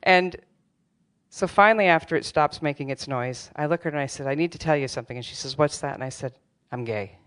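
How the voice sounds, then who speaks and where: Clear-voiced woman telling a wry story. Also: low voice, fast, fairly bright tone. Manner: candid, wry, self-deprecating humor. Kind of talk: live storytelling on stage. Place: theater stage before a live audience.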